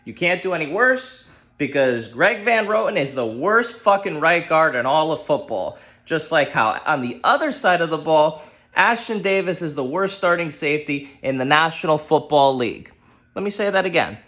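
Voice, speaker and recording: A man ranting about his football team, heated and profane, exasperated, shouting at times. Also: a little high. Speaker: sports fan ranting on his channel. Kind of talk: angry solo sports rant.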